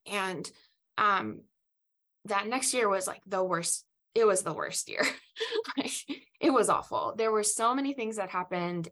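A woman who grew up in Southeast Asia, telling a personal faith story as a podcast guest in an earnest, reflective way with halting restarts. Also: on the low side, a bit bright.

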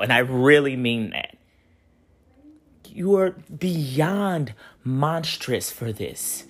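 A man delivering an angry, profane monologue straight at someone, often ending his points with "right?" and swinging from loud outbursts to low, hushed lines. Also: lively intonation, unhurried. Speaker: commentator. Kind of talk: heated monologue addressed to a comedian.

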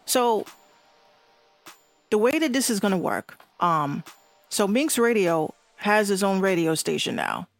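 A woman's voice: medium pitch, sing-song, unhurried, vocal fry, pauses often, no room sound, faint music behind. A woman with a Bronx accent hosting an online radio show, ranting bluntly and profanely in casual talk.

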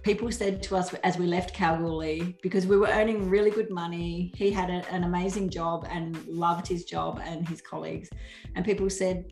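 A middle-aged woman, a podcast guest, telling a personal story in a warm, earnest way and often acting out what people said. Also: lowish voice, fairly even intonation, normal speed, reverberant, soft background music. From Australia. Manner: warm, earnest, laughs often, acts out quoted speech. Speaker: guest author. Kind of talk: casual storytelling in a podcast interview.

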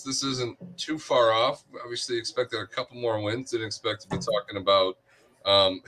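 Bright-voiced man breaking down games. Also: lowish voice, a little hiss or hum. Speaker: sports podcast co-host. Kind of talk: casual sports chat.

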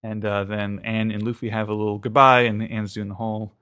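A man's voice: lowish voice, flat delivery, moderate pace, fairly bright tone, clear, resonant tone. Chatty man recapping an episode. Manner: rambling retelling with many fillers and restarts. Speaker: podcast co-host. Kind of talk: casual recap chat.

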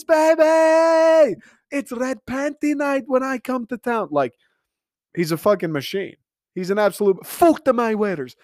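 Young man, twenties, solo podcast host, profane, excitable, rambling, dry close sound. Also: mid-range voice, clean tone, dry recording. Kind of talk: casual solo podcast monologue.

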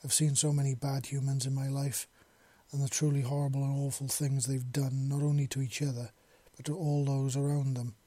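A man's voice: mid-range voice, flat delivery, a little fast, no echo, close to an everyday voice. A man voicing an earnest young clawed creature. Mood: earnest apology. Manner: sincere, apologetic, softly spoken.

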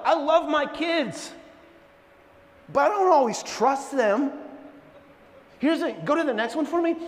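A middle-aged pastor preaching a sermon, animated and joking, telling stories in a church. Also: male voice, very high voice. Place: church sanctuary. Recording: long church hall reverb.

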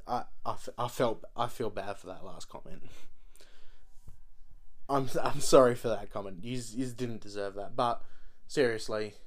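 A man hosting a podcast, ranting casually with lots of swearing, rambling and stumbling restarts. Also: medium pitch. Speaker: podcast host. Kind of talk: casual rant.

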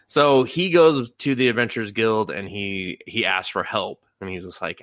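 A man co-hosting a podcast, recapping a show in loose, profane chat and jumping into quick voices for the characters. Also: fairly low pitch, steady tone, fairly bright tone, no echo, clean studio sound. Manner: profane, rambling, acts out quotes in sudden voices. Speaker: podcast co-host. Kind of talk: casual anime recap chat.

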